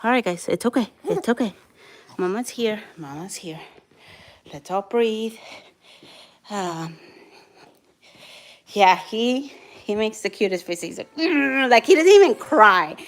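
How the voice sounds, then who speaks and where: A young woman vlogging as a mother of quadruplets, chatting casually and switching to soothing baby talk. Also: a little high. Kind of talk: casual vlog chat.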